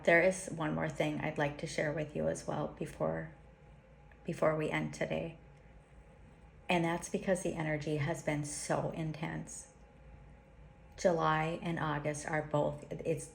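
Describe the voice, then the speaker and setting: A woman hosting a spiritual talk, reciting slow, soft devotional invocations and speaking gently in between. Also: low-pitched, flat delivery, creaky, a little hiss or hum. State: emotional. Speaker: spiritual channel host. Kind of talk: spoken prayer and invocation.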